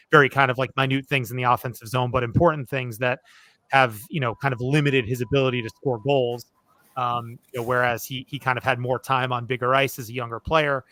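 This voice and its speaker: A man's voice: medium pitch, pushed and bright, dry recording. A man hosting a sports podcast, chatting loosely with plenty of "look" and "you know" fillers. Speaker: podcast host. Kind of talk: casual sports podcast chat.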